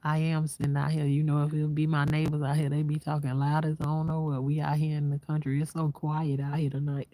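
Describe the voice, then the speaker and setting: Woman, vlogger, soft-spoken, half-whispering, reflective, dry close sound. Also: low voice, little pitch movement, quick pace, few pauses, no echo. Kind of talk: casual heartfelt talk to viewers. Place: outdoors at night in the quiet countryside.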